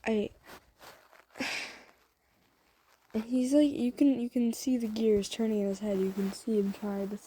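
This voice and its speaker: A woman's voice: on the high side, flat delivery, moderate pace, pauses often, warm tone, husky. A woman casually telling a fan story to the listener. She rambles, uses many fillers, and keeps restarting her sentences.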